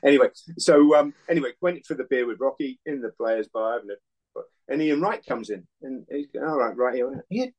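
A man's voice: medium pitch, expressive, fairly quick, a little mellow, low-quality recording. A man in his sixties, a former footballer and interview guest, telling rambling anecdotes and acting out other people's lines. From England. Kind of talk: casual storytelling interview.

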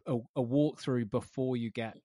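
A male host asks thoughtful questions in a measured, unhurried way. His voice sits in a middle pitch. The sound is dry and close. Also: steady tone, dark tone, dry recording. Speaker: interview host. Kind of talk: casual interview chat.

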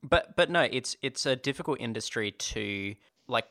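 A man's voice: mid-range voice, expressive, pushed and bright. A man, co-host and science magazine editor, chatting casually and riffing jokes. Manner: joking, quick to riff. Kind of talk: casual podcast banter.

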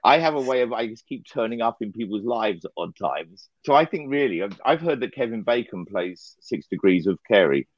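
A man's voice: on the low side, expressive, fairly quick, hardly any pauses, dull audio. A man talking as a podcast guest, a wry, self-mocking storyteller who laughs often. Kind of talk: casual podcast chat.

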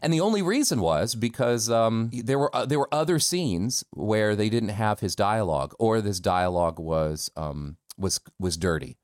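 A man from the United States talks in a deep, low voice, recorded close and dry with no room sound. He tells stories at an easy pace, full of ums and little laughs. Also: normal speed, hardly any pauses, no room sound. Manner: relaxed storyteller with frequent fillers and laughs. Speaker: voice actor guest. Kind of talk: casual interview chat.

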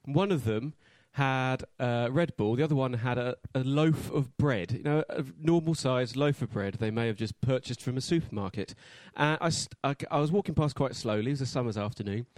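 A man's voice: medium pitch, brisk, hardly any pauses, a little mellow, no echo. Laid-back male podcast co-host, dry sound. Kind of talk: casual chat.

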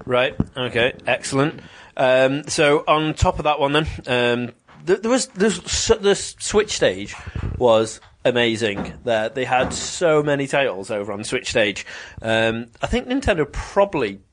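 A man's voice: mid-range voice, very animated, unhurried, hardly any pauses, slight background noise. A man co-hosting a casual podcast chat, rambling with ums and restarts. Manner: chatty, many ums and restarts. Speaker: podcast co-host. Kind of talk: casual chat about video games.

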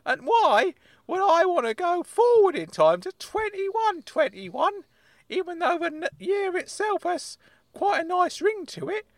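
A man voicing an excitable, easily irked uncle, scolding indignantly in a comedy podcast bit. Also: very high-pitched, measured pace, dry recording, voice pushed up, full character voice. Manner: indignant, scolding, calls the other mad.

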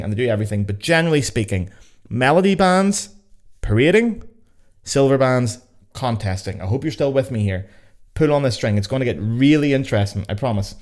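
A man's voice: medium pitch, a little mellow. Chatty sardonic Belfast man. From Northern Ireland. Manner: chatty, sardonic asides, swears. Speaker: podcast host. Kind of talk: casual explainer podcast.

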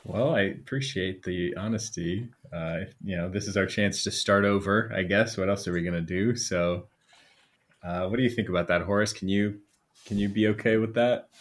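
A man playing a tabletop game with friends, measured and reasonable. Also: low voice. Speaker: player. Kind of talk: casual tabletop game play.

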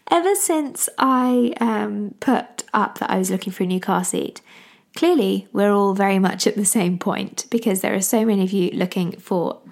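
A young woman hosting a parenting podcast. She chats casually to listeners, sometimes keeps her voice low, and rambles with lots of fillers. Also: vocal fry. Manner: hushed at times so a baby can sleep, rambling with many fillers.

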